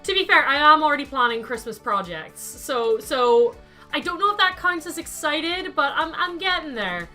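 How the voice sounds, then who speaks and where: Bright high-voiced woman streaming. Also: expressive, normal speed, faint music behind. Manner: chatty, thinks aloud, answers chat by name. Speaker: game streamer. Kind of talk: casual live-stream chat while playing.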